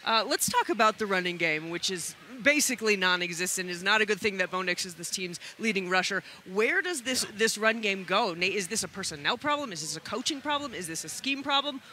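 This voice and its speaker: A man hosting a sports talk show, steering the segment with brisk, upbeat questions to his guests. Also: high-pitched, lively intonation, bright, forceful tone, a little hiss or hum. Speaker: show host.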